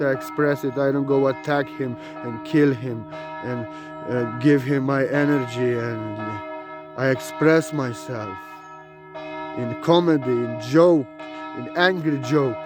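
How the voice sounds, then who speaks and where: A man giving an unscripted spiritual talk, repeating his points, pressing them loudly and then dropping to quiet musing. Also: mid-range voice. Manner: emphatic and repetitive, swinging between loud urging and quiet musing. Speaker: spiritual teacher.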